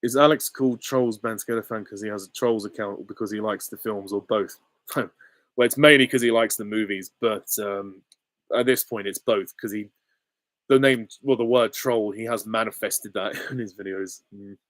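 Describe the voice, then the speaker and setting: A man's voice: lowish voice, normal speed, no echo, clean studio sound. A young adult man hosting a casual live Q&A, reading out chat questions and giving short, offhand, easygoing answers. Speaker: channel host.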